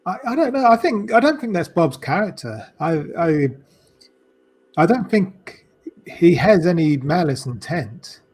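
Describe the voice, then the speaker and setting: A man's voice: on the high side, big pitch swings, a little slow, darkish tone, slightly rough. A man co-hosting a casual film podcast, answering hesitantly and mostly agreeing. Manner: hesitant, short agreeing replies. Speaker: podcast co-host. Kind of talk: casual film review chat.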